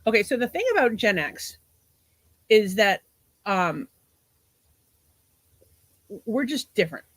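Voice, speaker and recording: A woman's voice: medium pitch, big pitch swings, slow pace, no echo. Chatty laughing woman in her forties. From half Portuguese. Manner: chatty, laughs often, swearing. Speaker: podcast co-host. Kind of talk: casual livestream chat.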